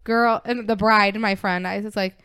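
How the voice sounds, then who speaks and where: A woman's voice: mid-range voice, normal speed, clean tone, no echo, clean studio sound. A woman from the Chicago area, co-hosting a podcast in casual chat, telling stories emphatically. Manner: emphatic, animated storyteller. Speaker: podcast co-host.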